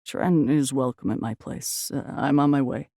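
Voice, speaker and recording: A woman narrator voicing a gentle, weary divorced father in an audiobook, speaking softly and hesitantly. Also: a bass voice, moderate pace, dry recording, clean studio sound. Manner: soft, hesitant. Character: gentle, weary divorced dad, adult man.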